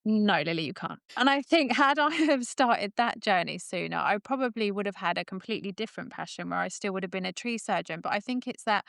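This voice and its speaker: Woman in her thirties, animated anecdotal guest, mid-pitched voice, close dry mic. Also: vocal fry, clean tone, dry recording. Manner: lively storyteller, laughs often. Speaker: roofer and business owner, guest. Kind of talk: casual interview chat. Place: podcast recording.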